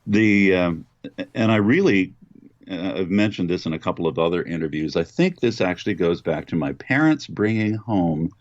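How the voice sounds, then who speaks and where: A man's voice: sits low, lively intonation, moderate pace, dry recording. An older man from Western Pennsylvania working as a voice actor, answering interview questions in a thoughtful, reminiscing way with hesitant fillers. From Western Pennsylvania, United States. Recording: dull, lo-fi remote audio, dry.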